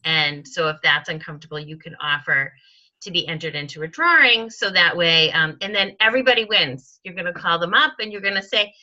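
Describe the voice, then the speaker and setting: A woman with a very bright, sharp voice gives a casual training talk to her sales team. She is chatty, says um a lot and acts out the sample conversations. The recording sounds a little dull and lo-fi. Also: lowish voice, fairly quick.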